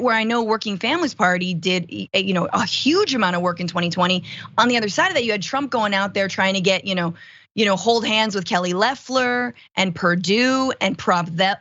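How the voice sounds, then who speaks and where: A woman filling in as host of a political talk show, chatting casually with quick, sarcastic asides. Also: medium pitch, animated, fairly bright tone, no echo, muffled recording. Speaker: fill-in host.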